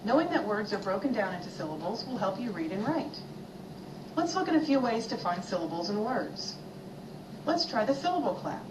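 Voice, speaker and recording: A woman giving scripted narration for a children's learning video, clear and animated, asking listeners to join in. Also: medium pitch, brisk, muffled recording. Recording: video played in a roomy space from far off, noisy.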